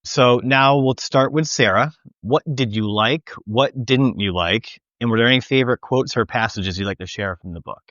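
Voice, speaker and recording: A man hosting a casual book podcast, leading the talk with relaxed questions. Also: medium pitch, normal speed, hardly any pauses, dry recording, muffled recording. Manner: relaxed, leads discussion with questions. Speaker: podcast host. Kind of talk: casual chat.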